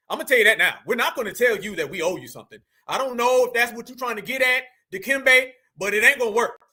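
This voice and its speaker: High bright-voiced man hosting a livestream. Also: breathy edge. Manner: loud, bantering, eats while talking. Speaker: livestream host. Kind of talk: casual livestream chat.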